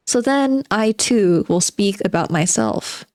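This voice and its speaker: Reading slowly yet animatedly, a woman with a mid-range voice is captured in a dry, studio-quality recording. Her character is a bitter, spiteful male recluse of forty, whose sardonic, self-mocking monologue lectures his listeners as "gentlemen."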